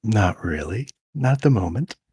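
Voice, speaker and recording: A man narrating as game master of an online tabletop game, halting and restarting as he describes the scene. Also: fairly low pitch, expressive, a little mellow, slightly rough, no room sound.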